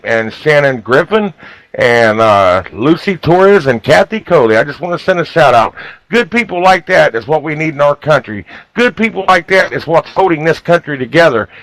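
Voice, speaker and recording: A man's voice: medium pitch, fairly bright tone, dry recording, poor audio. A man hosting a talk radio show, folksy and fired up, with a lot of filler words. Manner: folksy, fired-up, keeps saying "you guys".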